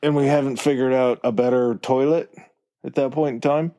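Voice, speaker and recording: A man's voice: mid-range voice, fairly even intonation, normal speed, warm tone, muffled recording. A man co-hosting a podcast in casual chat, asking curious questions and cracking jokes.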